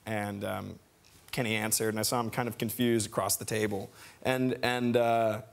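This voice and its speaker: A young adult man, a talk show guest, telling a rambling, animated anecdote in a TV studio on a lapel mic. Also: fairly low pitch, normal speed, vocal fry. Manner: rambling, animated storytelling with laughs.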